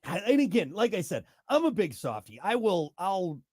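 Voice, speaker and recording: A man hosting a casual podcast chat. He is animated, laughs often and trails off mid-sentence. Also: sits high, normal speed, dry recording, clean studio sound. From grew up on a farm. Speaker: show host.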